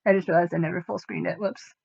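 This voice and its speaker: A woman's voice: fairly low pitch, steady tone, fast, creaky, muffled recording, noisy background. A woman livestreamer chatting casually, rambling with sarcastic, self-mocking asides.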